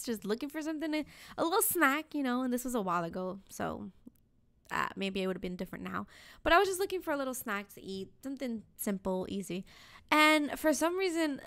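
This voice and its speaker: A woman co-hosting a podcast, telling stories in a casual, animated way with frequent swearing and laughter. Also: fairly high pitch, clean tone, no echo. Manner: animated storytelling, swears freely, laughs often. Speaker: podcast co-host. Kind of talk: casual chat.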